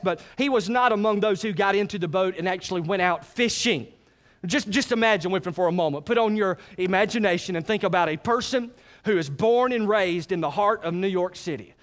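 A man preaches in a high, bright-pitched voice. He is animated and folksy, often stopping to check that the congregation is with him. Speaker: pastor. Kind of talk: sermon.

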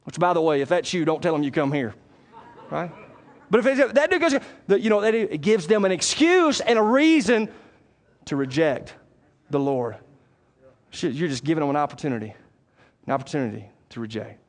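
Male pastor, high voice, casual preaching that swings loud to hushed. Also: big pitch swings, normal speed, pauses often. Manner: conversational, swings between loud preaching and quiet asides. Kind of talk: sermon.

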